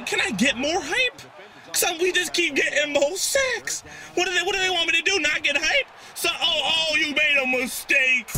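Young man, very high voice, hyped game commentary, trash-talking, sing-song, game music behind. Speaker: gaming YouTuber.

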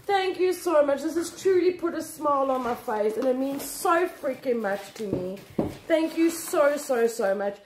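A woman unboxing gifts on camera, talking excitedly and emotionally to her viewers. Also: sits high, a little slow, roomy sound, background noise. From South Africa. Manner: excitable, emotional, exclaiming and laughing. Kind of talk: casual chat to camera.

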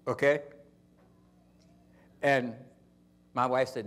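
An older male pastor preaching with a fairly high voice. He swings from quiet storytelling into loud, emphatic bursts, and his phrasing stays casual and folksy. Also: animated, moderate pace. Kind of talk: sermon.

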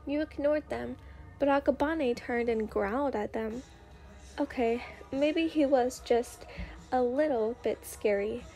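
A woman narrating a story in a gentle, unhurried ASMR reading. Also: on the high side. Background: faint music.

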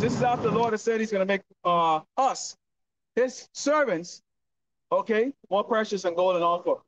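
A man preaching on the street in a loud, profane, scolding manner. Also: high-pitched, normal speed, slight background noise. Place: outdoors, windy street corner. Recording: distant lo-fi outdoor recording.

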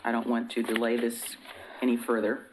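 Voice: mid-range voice, monotone, moderate pace, a little hiss or hum. A city commissioner asking probing questions at a public meeting. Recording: echoey council chamber.

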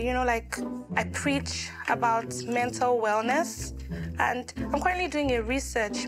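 An actress playing a young woman influencer applying for a visa, polite but exasperated. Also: on the high side. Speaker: visa applicant.

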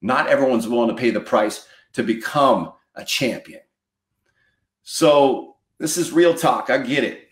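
A man's voice: medium pitch, lively intonation, measured pace. Emphatic male motivational coach, echoey room. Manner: emphatic, preachy, repeats for effect. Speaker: mortgage marketing coach. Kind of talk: motivational talk.

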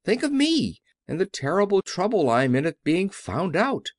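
A man's voice: high-pitched, sing-song, normal speed, no room sound, studio quality, voice pushed up. A man voicing a timid little old man who pretends to be a great wizard, speaking meekly in a trembling, pleading way in an audiobook. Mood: confiding.

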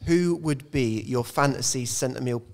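A man co-hosting a podcast, asking quick run-on questions. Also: mid-range voice, vocal fry. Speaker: podcast co-host. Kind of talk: casual interview chat.

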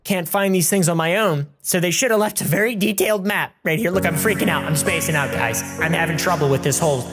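A man giving crude, goofy commentary while playing a video game, breaking into yells and made-up song lines. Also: a little high, quick pace, music in the background. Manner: goofy, crude, yelling in bursts. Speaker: gaming YouTuber. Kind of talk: let's play commentary.

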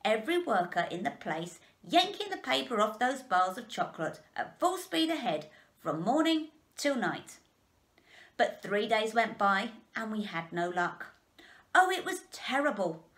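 A woman's voice: fairly high pitch, unhurried, full character voice. Woman doing a bragging rich father. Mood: boastful. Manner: bragging, lively storytelling. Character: boastful rich father, peanut factory owner.

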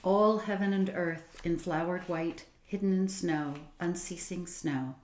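A woman reading as a gentle, elegant gentleman. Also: on the low side, measured pace, voice pushed up, lightly acted. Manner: gentle, courteous. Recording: roomy echo.

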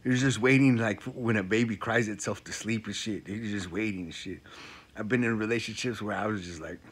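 A male comedian doing a profane stand-up rant, repeating lines and swinging from loud outbursts to low mutters. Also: a little fast, husky.

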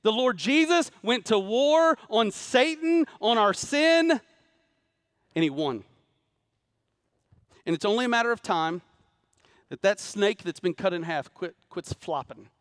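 A man's voice, pitched high for a man, preaches to a live congregation in a church. He swings from rising, urgent calls for amens down to low, hushed emphasis. The sound is close and dry, with little room in it. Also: expressive, measured pace, long pauses, no room sound. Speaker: pastor. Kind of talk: sermon. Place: church sanctuary before a congregation.

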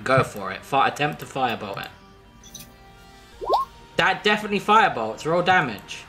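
A woman game master narrating a tabletop session in a chatty, swearing, laughing way. Her pitch swings widely as she talks. Music plays clearly behind her. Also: big pitch swings, normal speed. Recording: background music.

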